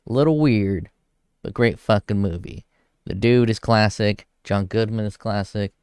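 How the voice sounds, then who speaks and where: A man's voice: on the low side, measured pace, a little mellow, clear, resonant tone, no room sound, clean studio sound. A young man ranking comedies in a casual, profane rant, blunt and crude. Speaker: video host ranking films.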